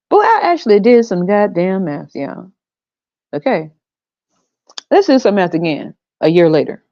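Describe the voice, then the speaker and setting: A blunt woman podcast host who rants with sarcasm and frequent swearing. Her voice sits low and dark, with lively swings in pitch. The sound is dry, dull and lo-fi. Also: no echo. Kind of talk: casual podcast rant.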